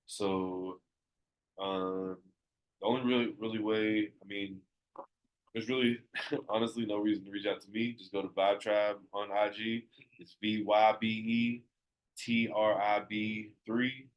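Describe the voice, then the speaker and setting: Man, podcast guest, casual chat, blunt, laid-back, low, monotone. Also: a little slow, muffled recording.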